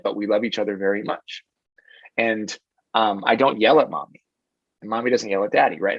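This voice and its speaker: Husky guy in his 30s, earnest and reflective, restarts a lot, dry dull lo-fi sound. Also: fairly low pitch, no room sound. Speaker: guest. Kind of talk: podcast interview answers.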